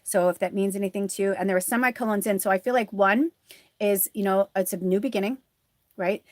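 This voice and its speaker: A woman's voice: medium pitch, a little fast, dry recording. A woman running a live tarot reading, rambling and encouraging in a casual, chatty way. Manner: rambling, chatty, many fillers; earnest and encouraging to viewers. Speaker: tarot reader and spiritual medium.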